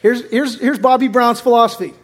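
A man with a very high-pitched voice delivers a sermon as a pastor. He keeps it loose and chatty and slips into voices for the quotes he acts out. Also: fairly even intonation, fairly quick, a bit bright. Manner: casual, conversational preaching with acted-out quotes.

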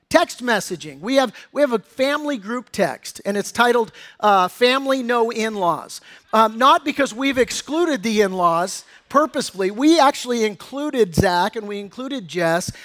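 A man's voice: high-pitched, a bit bright. A middle-aged pastor preaching a sermon in a conversational, story-telling way, acting out quotes from his family.

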